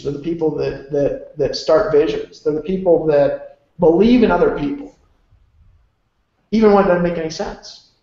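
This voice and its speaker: A motivational speaker with a somewhat high, slightly mellow male voice rambles emphatically, dropping casual curses as he goes. The recording sounds very echoey, with a dull, lo-fi room quality.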